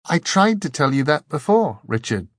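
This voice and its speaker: A man reading an audiobook, voicing an earnest, soft-spoken young woman with a pixie air. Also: a little high, very animated, normal speed, no echo, clean studio sound, pitched above the performer's own voice.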